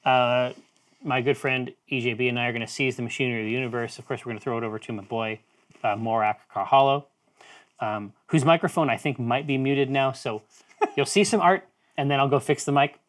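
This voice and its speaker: A playful man hosting a casual live stream, rambling through plans with frequent restarts. His voice sits at an ordinary middle pitch. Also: fairly quick. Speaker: host.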